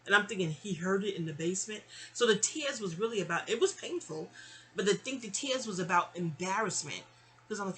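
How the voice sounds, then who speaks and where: A woman's voice: mid-range voice, animated, fairly quick, a bit bright, rough recording. A woman from New York telling a personal story in a casual, rambling way, talking straight to her listener and acting out other people's voices. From New York (Queens). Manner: acts out others' voices in quoted dialogue.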